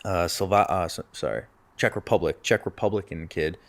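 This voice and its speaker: A young man co-hosting a casual podcast with a slightly low voice. He tells stories in a loose, animated way and laughs through the funny parts. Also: a little fast. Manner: animated storyteller, laughs through his own story. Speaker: podcast co-host. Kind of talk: casual chat.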